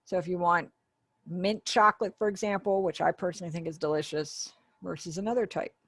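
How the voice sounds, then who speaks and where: Lady voicing a sign language class online, lowish voice, dry close sound, chatty step by step explaining. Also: steady tone, brisk, no echo. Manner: conversational, explaining step by step with asides. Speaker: ASL voice interpreter for a webinar teacher.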